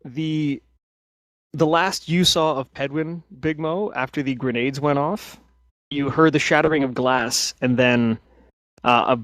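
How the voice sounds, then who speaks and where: A man's voice: mid-range voice, no echo. A man narrating a tabletop game as game master, often restarting and hesitating mid-sentence.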